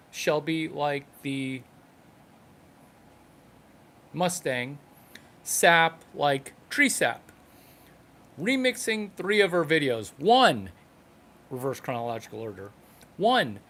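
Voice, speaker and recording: A man doing a stand-up comedy monologue, delivered in halting phrases and short numbered points. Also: a little high, expressive, fairly bright tone.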